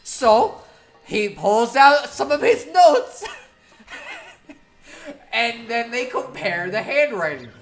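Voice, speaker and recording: A woman's voice: fairly high pitch, lively intonation, very slow, long pauses, soft background music. A woman streamer telling a long story in a casual, profane, laughing way.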